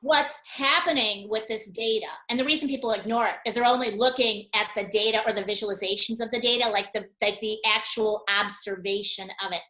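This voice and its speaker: A woman guest on a webinar, explaining ideas through an animated story and acting out the dialogue as she goes. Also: mid-range voice, fairly quick, hardly any pauses, roomy sound, poor audio. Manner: animated storyteller who acts out dialogue, with frequent laughs.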